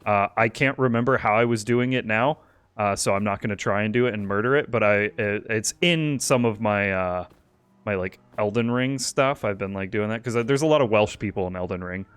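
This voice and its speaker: A man's voice: fairly low pitch, a little fast, a bit bright, clean tone, dry recording. A man chatting casually while playing a game with a friend, laughing a lot, rambling and swearing. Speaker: gaming co-host. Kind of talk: casual gaming chat.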